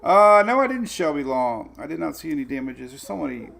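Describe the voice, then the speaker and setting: Male weather-stream host, gravelly and easygoing, chuckles between chat replies. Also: a little high, sing-song, brisk, a bit bright. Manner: laid-back, chuckling, answers viewer comments. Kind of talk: casual live-stream chat.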